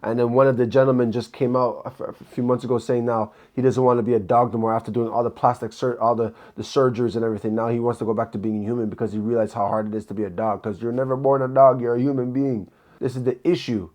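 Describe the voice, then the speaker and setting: A man's voice: medium pitch, level tone, quick pace, a little mellow. A man giving preacherly commentary, emphatic and full of rhetorical questions and scripture quotes. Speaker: commentator on a podcast clip.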